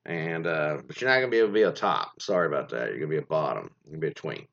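A male host reacts to reader stories in casual commentary, rambling with lots of fillers and restarts. His very deep, creaky, slightly bright voice races along with lively intonation, and the lo-fi recording sounds dull.

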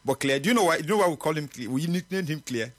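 Man, middle-aged, radio talk host, earnest and emphatic, slightly raspy, animated pitch. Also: very fast. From Nigeria. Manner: earnest, emphatic, with occasional laughs. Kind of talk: morning radio talk show.

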